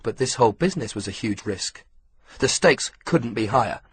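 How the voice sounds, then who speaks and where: A man narrating an audiobook in a steady, measured storytelling manner. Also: medium pitch, breathy edge. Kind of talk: scripted narration.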